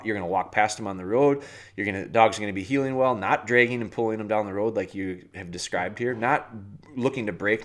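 A man with a somewhat low voice giving casual podcast advice on dog training. He talks plainly and walks the listener through everyday examples step by step.

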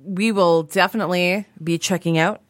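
A woman's voice: fairly low pitch, moderate pace, no echo. A woman co-hosting a podcast, chatting casually and telling stories with a laugh. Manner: lively, laughing, tells stories. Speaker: podcast co-host. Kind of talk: casual chat.

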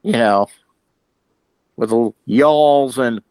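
A man co-hosting a podcast in casual chat, talking in halting, restarting sentences. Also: mid-range voice, clean tone, no echo, low-quality recording. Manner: hesitant, restarts and trailing thoughts. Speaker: podcast co-host.

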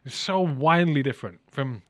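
A man hosting a casual interview, animated and telling stories, sometimes swearing and mimicking with loud exclamations. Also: mid-range voice, normal speed, no room sound, clean studio sound. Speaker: podcast host.

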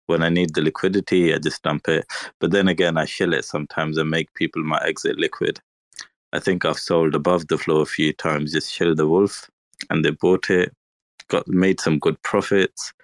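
Low-voiced guy chatting, matter-of-fact, dead dry sound. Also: flat delivery, normal speed, dry recording. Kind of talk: casual chat.

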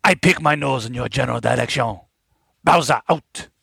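A man's voice: medium pitch, normal speed, gravelly, pushed and bright, slightly rough, no echo, clean studio sound, full character voice. A man voicing a boastful, pompous French game designer in an exaggerated mock French accent, trading silly insults in a comic bumper. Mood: mock-indignant. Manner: mock-grand, teasing insults.

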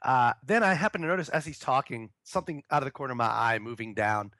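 A man's voice: medium pitch, fast, bright, forceful tone, no room sound. A man co-hosting a comedy podcast, telling a story in a loose, profane way and acting out the people in it. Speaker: podcast co-host.

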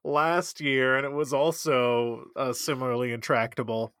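A man's voice: medium pitch, level tone, normal speed, a bit bright, clean tone, no room sound, clean studio sound. A man co-hosting a podcast in casual chat, joking and teasing. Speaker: podcast co-host.

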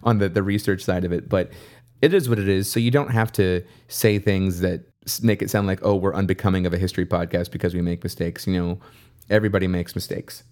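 This history podcast co-host has a low voice with fairly even intonation and a slightly mellow quality, and he talks at a quick pace. He chats casually and jokes around, rambling and restarting his sentences often.

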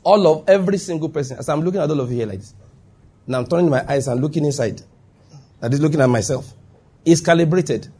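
Husky-voiced man preaching emphatically. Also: fairly high pitch, fast, dark tone. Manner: emphatic, checks in with listeners. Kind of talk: sermon. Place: before a live congregation.

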